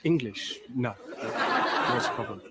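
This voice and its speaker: A deadpan passerby, noisy clip. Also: male voice, medium pitch, slow. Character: second evasive man feigning no English. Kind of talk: sketch comedy. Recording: noisy clip played back on stream.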